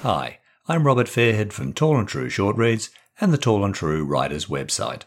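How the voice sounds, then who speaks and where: A man, a podcast host and author, calmly narrating his own short story. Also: fairly low pitch. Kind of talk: scripted narration.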